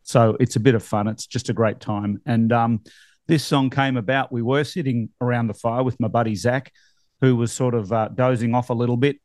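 A man's voice: medium pitch, steady tone, moderate pace, darkish tone, dry recording. A middle-aged man with an Australian accent, hosting a podcast in casual, rambling chat full of fillers and easy laughs. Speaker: podcast host.

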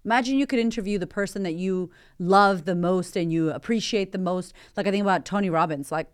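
A woman's voice: lowish voice, a little fast, clear, resonant tone. A woman hosting a motivational podcast, talking with candid energy and swearing freely. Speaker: podcast host and life coach.

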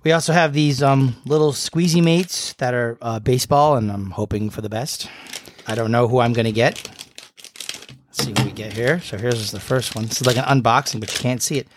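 A man's voice: mid-range voice, fairly quick, a little hiss or hum. A man co-hosting a podcast in casual, playful chat with a friend, showing off gifts. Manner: playful, teasing. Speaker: podcast co-host.

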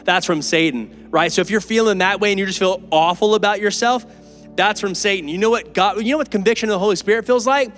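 A pastor preaching an earnest, emphatic and conversational sermon in a church. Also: male voice, high-pitched, quick pace, fairly bright tone, soft background music. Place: church sanctuary.

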